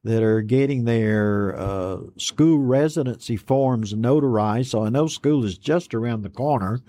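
Mellow, folksy man hosting a Bible program. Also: mid-range voice. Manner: folksy and unhurried, reads messages aloud then chats back. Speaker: host of an online Bible study program. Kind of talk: casual chat reading out viewer greetings.

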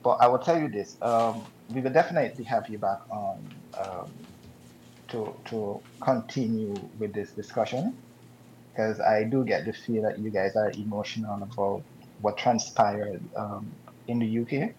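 A man hosting a talk show, speaking in a measured way with frequent ums, over dull, lo-fi broadcast audio. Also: on the low side, darkish tone, a little hiss or hum. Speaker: radio talk show host.

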